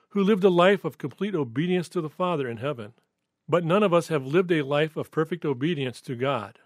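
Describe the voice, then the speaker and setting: A male pastor gives a devotional sermon with scripture reading, earnest and reflective. His voice sits a little high for a man, and he takes his time over every phrase. The sound is close and dry. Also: no room sound. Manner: earnest, reflective, measured delivery.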